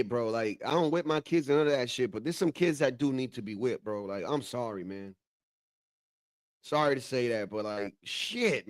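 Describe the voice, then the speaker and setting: A man's voice: mid-range voice, dry recording, studio quality. A man hosting a casual commentary show, reacting to clips with profane, heated, rhetorical ranting. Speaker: show host.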